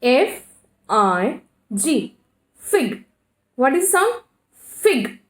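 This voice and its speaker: A woman's voice: high voice, big pitch swings. A woman with an Indian English accent teaching a kindergarten phonics lesson, spelling words out letter by letter and answering her own questions. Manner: slow, spells letters one by one, asks and answers herself. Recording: echoey room.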